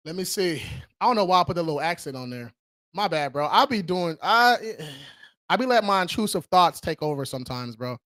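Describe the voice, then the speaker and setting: A man's voice: high-pitched, expressive, normal speed, fairly bright tone, dry recording, clean studio sound. A man hosting a casual livestream, talking in a slangy, hyped-up way and calling viewers bro. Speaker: credit repair livestream host.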